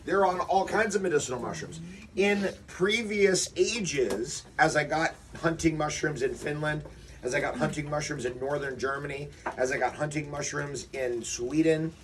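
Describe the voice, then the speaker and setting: Man leading an outdoor workshop, lively and chatty, recorded from a distance with faint noise. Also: fairly high pitch, normal speed. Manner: animated, acts out quotes, rhetorical questions. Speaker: workshop leader. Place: outdoors before a forest walk.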